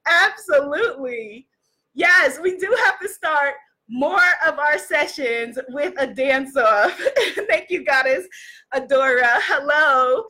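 A woman coaching spiritual entrepreneurs on a live stream, exuberant and quick to laugh and cheer, a little out of breath. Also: high voice, pushed and bright. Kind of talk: live-streamed motivational talk.

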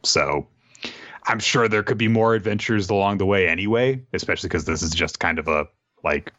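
A man's voice: extremely low pitch, sharp tone, dry recording, muffled recording. A man co-hosting a podcast, chatting casually about a manga with a dry, filler-heavy delivery. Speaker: podcast co-host. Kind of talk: casual chat recapping a manga.

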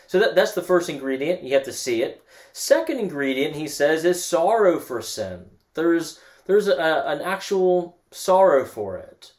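A man's voice: a little high, sing-song, a little slow, a little mellow. A man giving a casual church teaching, earnest, often repeating and restarting his words. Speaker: guest teacher.

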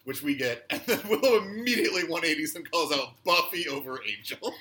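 A woman co-host trades wry asides while recapping an episode, laughing easily. Her voice sits low yet bright. Her pitch swings widely as she talks. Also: expressive, brisk. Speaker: podcast co-host. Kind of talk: casual recap chat.

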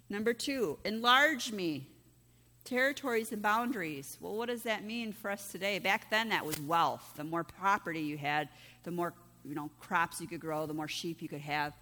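A woman's voice: medium pitch, moderate pace, sharp tone. A woman pastor preaching a conversational sermon, often asking "right?" of the congregation. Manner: conversational, peppered with rhetorical "right?". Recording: long reverb of a large hall.

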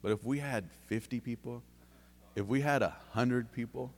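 A man preaching a sermon in a church, fervent, dropping to low intimate tones and then rising to loud bursts. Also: normal speed, in a large hall. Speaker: lay preacher giving testimony. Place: church sanctuary.

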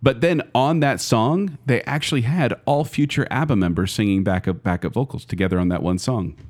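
A man's voice: medium pitch, fairly quick, a little mellow. A man hosting a casual podcast, telling a music history with lots of fillers and restarts. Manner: chatty, many fillers, trails off and restarts.

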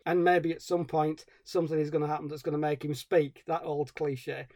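A man's voice: fairly high pitch, little pitch movement, brisk, a little mellow, no room sound, studio quality. A man co-hosting a film podcast, ranting about a movie in a wry, sarcastic way. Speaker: podcast co-host. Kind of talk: casual film review chat.

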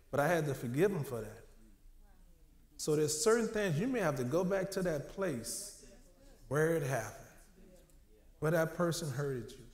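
A man preaches in a conversational, emotional style, his voice sitting a little high for a man. The sound rings in an echoey church room. He dips into the voices of the people in his stories. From New Orleans. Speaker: minister. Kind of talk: sermon.

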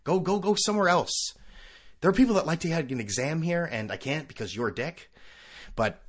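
A man's voice: a little high, animated, brisk. A man hosting his own podcast, ranting and joking through a solo monologue with sarcastic asides. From California. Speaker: podcast host.

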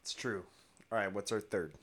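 A man co-hosting a casual discussion podcast, rambling and animated, laughing often as he talks things through. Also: fairly low pitch, moderate pace. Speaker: podcast co-host.

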